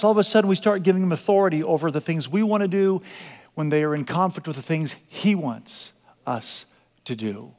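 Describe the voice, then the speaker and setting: Man, pastor, sermon, high voice, long hall reverb. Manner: animated preaching, swinging from loud exclamations to quiet asides. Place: church sanctuary.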